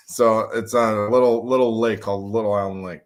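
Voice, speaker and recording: A man's voice: fairly low pitch, steady tone, normal speed. Michigan guy, podcast guest, rambling storyteller who repeats himself a lot. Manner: rambling, repeats words, laughs at his own stories. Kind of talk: casual drinking-buddy storytelling.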